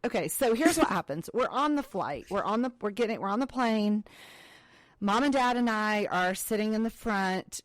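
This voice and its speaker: In a dry recording, a woman with an animated, mid-range voice speaks at a moderate pace. She's a podcast co-host whose casual chat includes stories where she acts out the quotes.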